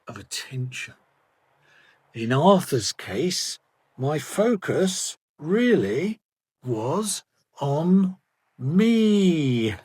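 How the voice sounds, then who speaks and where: Male sales coach, slow, husky, lively pitch, measured delivery with soft trailing endings. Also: no echo. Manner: measured, trailing off softly at phrase ends. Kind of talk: reflective storytelling talk.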